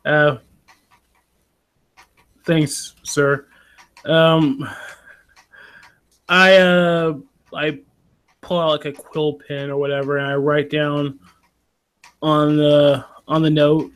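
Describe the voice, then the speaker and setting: A man's voice: fairly high pitch, flat delivery, very slow, pauses often, a bit bright, clean tone. Hesitant man playing a tabletop game. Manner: hesitant, with many ums and restarts. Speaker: player. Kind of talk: casual tabletop play.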